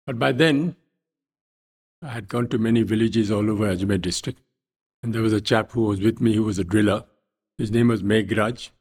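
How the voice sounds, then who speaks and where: An older man from India, a guest telling stories from his life in a wry, anecdotal way, often trailing off quietly. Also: lowish voice, moderate pace, pauses often, slightly rough. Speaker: interview guest. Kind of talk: storytelling in conversation.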